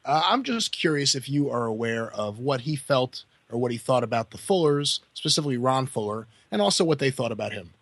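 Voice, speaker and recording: A male podcast host asking measured, slightly hesitant interview questions. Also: mid-range voice, sing-song, a bit bright, dry recording.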